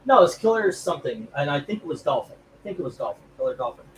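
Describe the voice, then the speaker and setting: Male stream host, slightly higher voice, loose jokey rambling, faint hiss behind. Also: big pitch swings, fast, low-quality recording. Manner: rambling, jokey, laughs easily. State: feeling sick from food poisoning. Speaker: comic book auction host. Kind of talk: casual live-stream chat.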